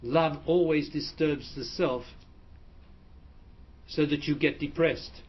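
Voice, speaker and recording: A man's voice: on the high side, fairly even intonation, slow. A man who is a spiritual teacher, answering audience questions in a plain, explanatory way and often restarting his phrases. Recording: dull lo-fi recording.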